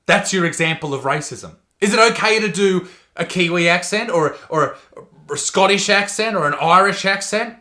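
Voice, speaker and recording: Bright, high-voiced mocking man. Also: normal speed. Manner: profane, mocking, sarcastic. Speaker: comedian commentator. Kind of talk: ranting commentary video.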